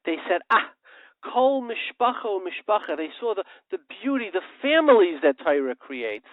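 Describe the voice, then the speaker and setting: A man's voice: high-pitched, sing-song, normal speed, no echo. A male radio show host giving an impassioned, preachy monologue, firing off rhetorical questions and telling parables. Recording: tinny phone-like line, dry.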